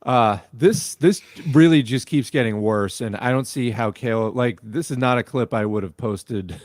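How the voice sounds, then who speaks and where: A man doing political reaction commentary, blunt and exasperated, who swears freely. His voice sits at an ordinary middle pitch. The recording is dry and close. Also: normal speed, darkish tone, no room sound. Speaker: video commentator.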